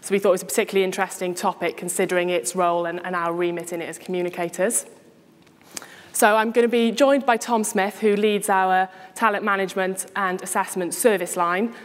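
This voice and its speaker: A woman giving a brisk conference presentation. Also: medium pitch, steady tone. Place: conference hall. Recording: long hall reverb.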